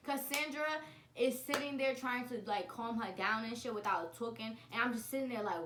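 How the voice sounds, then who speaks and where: Young woman spilling a story time, kinda high voice, echoey room, music going. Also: moderate pace. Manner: slangy, animated storytelling with asides to viewers. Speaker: vlogger telling a story time.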